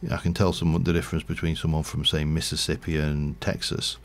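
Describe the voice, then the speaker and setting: Male streamer, slight Yorkshire accent, deep voice with a gravelly edge, loose casual commentary. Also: little pitch movement, a little fast. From Yorkshire, England. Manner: rambling, chatty, self-correcting. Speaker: game streamer. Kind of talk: casual livestream gameplay commentary.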